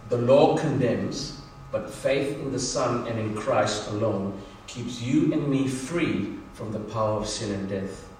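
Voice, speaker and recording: A man's voice: mid-range voice, measured pace, hardly any pauses, darkish tone, recorded from a distance, slight background noise. Male pastor preaching in an echoey church. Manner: earnest, exhorting, storytelling. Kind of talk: sermon.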